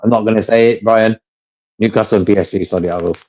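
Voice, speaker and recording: Male co-host, casual rambling chat, mellow tone, lo-fi muffled audio. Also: lowish voice, fairly even intonation, fast. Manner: rambling, repeats himself, laughs often. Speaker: co-host of a fan livestream.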